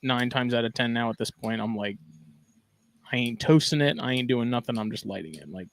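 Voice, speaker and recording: A man's voice: medium pitch, a little fast, gravelly, a bit bright. A man co-hosting a casual podcast, talking in a laid-back, drawling way and reading news items aloud. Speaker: podcast co-host.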